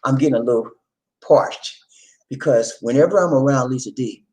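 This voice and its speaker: A woman hosting a casual chat, telling a story in an animated way with laughter. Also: rumbling low, normal speed, rough recording. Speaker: host.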